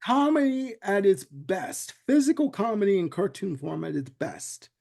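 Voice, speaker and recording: Rich: a man with a gravelly, creaky voice, sitting slightly high in pitch. He hosts a casual chat and rambles through a cartoon plot in an animated way, with fillers throughout. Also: normal speed. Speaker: podcast host.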